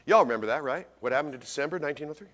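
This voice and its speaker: A male pastor delivers a sermon in a fairly high voice that leaps up and down with lively expression. He is folksy and speaks right to the congregation, moving between loud bursts and hushed asides. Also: very fast. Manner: animated storyteller, swings from loud to hushed; folksy, addresses congregation directly. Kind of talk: Christmas sermon.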